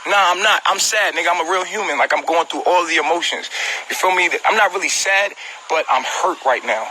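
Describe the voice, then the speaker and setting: Man, upset and hurt, venting to livestream viewers from home on a phone; high, very bright and strained voice, repetitive and profane. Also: low-quality recording. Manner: agitated, repetitive, profane, talks directly to viewers. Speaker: vlogger on a live stream. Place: at home, indoors.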